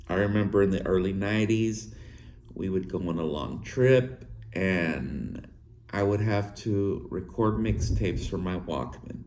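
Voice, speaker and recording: A man in his thirties with a slight lisp, talking in a halting way to his viewers, with restarts and filler words. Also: deep voice, expressive, mellow, a little hiss or hum. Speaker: vlogger. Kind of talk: personal talk to viewers. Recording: echoey room with faint ambience.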